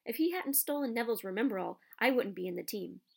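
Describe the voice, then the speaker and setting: A woman's voice: fairly high pitch, expressive, fast talker, gravelly, darkish tone. A gleeful young schoolboy hero with a lightly raised, boyish voice, as a woman reader puts him on. A storybook lead.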